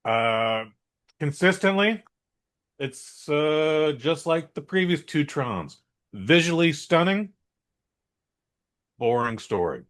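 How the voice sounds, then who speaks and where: A man's voice: on the high side, big pitch swings, slow pace, long pauses, a bit bright. A man co-hosting a podcast, giving a blunt, rambling and opinionated movie review in a casual chat. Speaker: podcast co-host.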